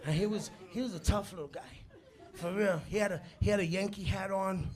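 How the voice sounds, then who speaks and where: A man doing a live stand-up set, telling stories with animated bursts of shouting and Spanish phrases mixed in. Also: high-pitched, brisk. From Latino background. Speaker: stand-up comedian. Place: comedy club stage. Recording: live club with loud crowd laughter. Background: audience laughter.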